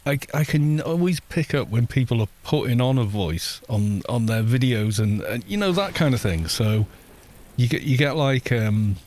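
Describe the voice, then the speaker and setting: Male streamer, soft and gentle, loose rambling chat at an average pitch. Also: animated, moderate pace. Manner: quiet, gentle voice; rambling, with frequent restarts and soft laughs. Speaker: game streamer. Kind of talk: casual live-stream chat while gaming.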